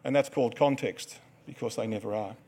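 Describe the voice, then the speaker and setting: A man's voice: mid-range voice, a little fast, darkish tone. An Australian man in his forties, a dancer telling a story and guiding a crowd through a dance, joking as he goes. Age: 40s. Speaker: dancer and performer. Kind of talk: live stage talk to an audience. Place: stage before a live audience.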